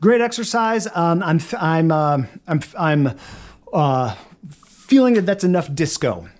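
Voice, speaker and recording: A man teaching double bass, chatting and thinking aloud as he works through practice exercises, sweaty and a little winded. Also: big pitch swings, unhurried. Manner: chatty, rambling, thinks aloud between passages. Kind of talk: casual practice demonstration.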